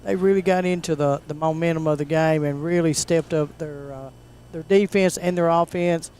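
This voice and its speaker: A man co-commentating a high school volleyball game, plainspoken and halting with fillers. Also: steady tone, darkish tone, clear, resonant tone. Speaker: sports co-commentator.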